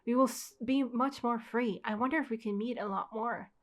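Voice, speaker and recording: A woman's voice: a little high, normal speed, close to an everyday voice. A young woman reading the lines of a cheerful teenage schoolgirl in love, in an earnest, sweet manner. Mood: wistful.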